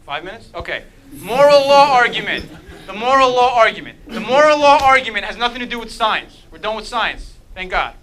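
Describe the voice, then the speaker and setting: Leading an interactive apologetics talk on faith, a man quizzes his group with constant "okay?" checks and playful asides. His high voice moves fairly quickly with hardly any pauses, lively and animated with playful humor, though the audio is poor.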